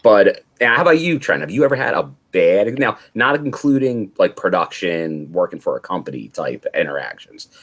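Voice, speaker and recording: This is a man hosting a casual podcast, putting questions to his co-host. His voice is low and a bit husky. He talks with a lively, up-and-down pitch. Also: moderate pace, hardly any pauses. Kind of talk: casual chat, reading listener tips.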